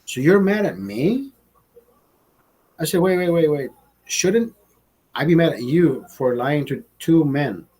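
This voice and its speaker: A young man hosting a livestream, telling a rambling, profane story in a casual, animated way. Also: on the high side, slow, long pauses, breathy edge. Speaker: livestream host.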